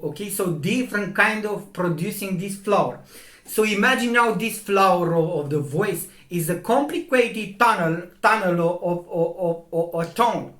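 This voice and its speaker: Halting man explaining in a roomy space. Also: high-pitched, a bit bright. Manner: halting, repetitive, restarts words often; demonstrates vowel and consonant sounds aloud. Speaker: video channel host. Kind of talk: rambling monologue explanation. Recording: roomy echo.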